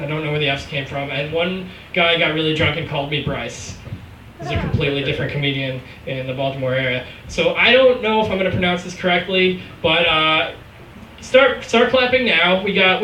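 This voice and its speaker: A man emceeing an open mic in a loose, joking way, his voice a little high. He is heard from far off in an echoey bar, with clear room noise behind him. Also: a little fast, bright, forceful tone. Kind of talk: introducing the next comic.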